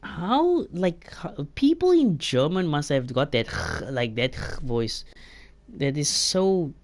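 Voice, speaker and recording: Game streamer, casual commentary, stumbling over words, animated pitch, slow pace.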